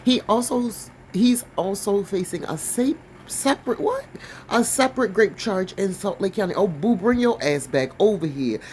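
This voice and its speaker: A woman's voice: medium pitch, animated, moderate pace, a little mellow, a little hiss or hum, low-quality recording. A woman reading a news article aloud and breaking off for blunt, sassy comments of her own, sometimes stumbling over words. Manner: blunt, sassy commentary between read passages. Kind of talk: reading aloud with casual asides.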